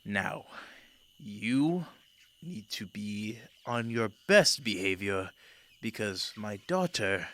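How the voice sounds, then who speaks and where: A man's voice: lowish voice, lively intonation, fairly bright tone. A man playing a weary, stern lion king. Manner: slow, sighing and grave.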